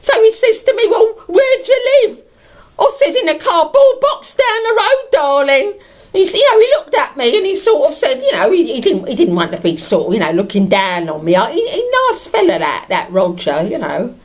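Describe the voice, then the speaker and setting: Woman doing a bawdy bag lady, very high voice, giggly, rambling, sing-song. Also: big pitch swings, normal speed. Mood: smitten. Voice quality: giggly, often laughing through her words. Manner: bawdy, gossipy, rambling with lots of fillers. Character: bawdy homeless London bag lady, cheeky and chatty. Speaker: comedy character monologue. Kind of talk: character stand-up storytelling.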